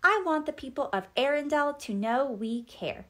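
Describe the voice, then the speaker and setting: A woman voicing a gentle, caring young queen in a storybook read-aloud, speaking earnestly. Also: high voice, lively intonation, moderate pace.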